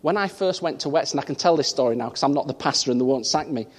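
A man from the north of England preaching a sermon and telling a personal story, his voice swinging from loud, high emphasis down to quiet asides. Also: quick pace. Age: 30s. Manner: animated storytelling, voice rising and dropping for emphasis. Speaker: pastor.

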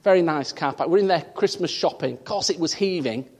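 A man from the north of England preaches with animated storytelling. His voice sits a little high and leaps up for emphasis, then drops quiet for the serious points. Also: brisk. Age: 30s. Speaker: pastor. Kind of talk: sermon.

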